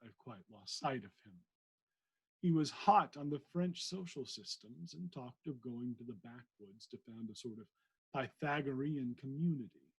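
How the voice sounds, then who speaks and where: A man reading the part of a proud young doctor, earnest and a little scornful, in a husky voice. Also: mid-range voice, normal speed.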